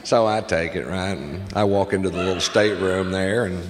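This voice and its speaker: A man doing a stand-up comedy set on stage, telling crude stories brashly and getting loud on the punchlines. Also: sits low, brisk. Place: stage in a large venue with a live audience. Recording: echoey hall with audience noise.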